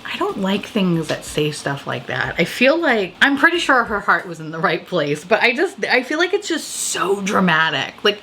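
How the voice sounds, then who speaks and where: A woman's voice: mid-range voice, very animated, normal speed, few pauses, pushed and bright, a little hiss or hum. A young woman giving casual, profane and sarcastic commentary on new makeup releases.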